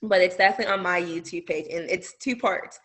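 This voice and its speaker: Young woman on a podcast, rambly and animated, says like a lot. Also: fairly low pitch, quick pace. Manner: animated storytelling, lots of fillers. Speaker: guest wrestler. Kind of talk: casual podcast chat.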